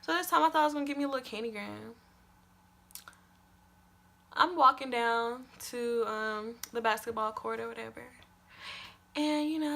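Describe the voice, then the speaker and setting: Young woman doing a storytime vlog, high bright voice, super animated, cusses a lot. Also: normal speed, creaky, long pauses. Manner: animated, emphatic, repeats lines for effect, swears casually. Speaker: vlogger.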